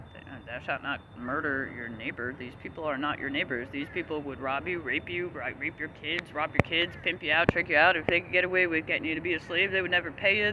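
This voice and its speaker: A man's voice: a little high, dull audio. A man delivering an agitated, profane, rambling rant as a vlogger. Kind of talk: angry ranting monologue. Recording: street noise outdoors.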